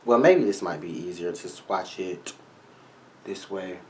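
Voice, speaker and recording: A man's voice: deep voice, unhurried, a little mellow, slight background noise. A man reviewing makeup products in a vlog, talking straight to his viewers in a sassy, flamboyant, salty way. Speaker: beauty vlogger.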